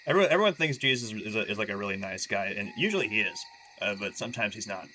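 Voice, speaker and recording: Bright, sharp-toned man streaming casually. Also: on the low side, animated, a little hiss or hum, rough recording. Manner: halting, stumbles and restarts often; chatty and wry when talking freely. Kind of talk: casual live-stream chat and reading aloud.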